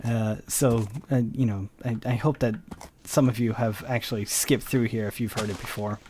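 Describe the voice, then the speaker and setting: Sleepy young guy ranting about a customer service mixup while he games, goes off on tangents, mid-pitched. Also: normal speed, a little hiss or hum. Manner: rambling, animated, mimics the other side of the conversation. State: tired, yawning. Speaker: gaming video host. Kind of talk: casual storytelling while playing.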